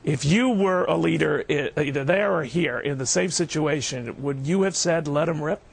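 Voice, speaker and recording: A man's voice: a little high, normal speed, gravelly, breathy edge. A man hosting a TV interview, asking questions in a chatty, wry way and repeating words as he starts. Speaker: TV news host.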